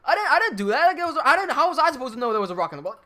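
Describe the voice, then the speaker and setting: A man voicing a defensive young man who whines that none of it was his fault, in a high, bright voice. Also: big pitch swings, very fast, heavily acted. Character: defensive whiny young man making excuses.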